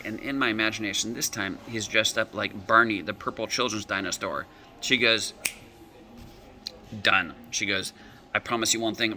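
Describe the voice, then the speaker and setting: A man's voice: lowish voice, bright, forceful tone, a little hiss or hum. A male coach telling client stories, acting out their quoted words as back-and-forth dialogue. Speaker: emotional reset coach. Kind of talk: storytelling talk with client examples.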